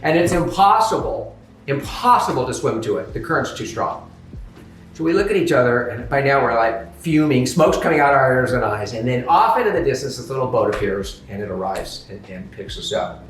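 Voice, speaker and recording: A man's voice: mid-range voice, brisk. Man telling stories from a distant mic. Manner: lively storyteller, upbeat. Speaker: interview guest. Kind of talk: casual interview chat. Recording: echoey, distant mic with faint music.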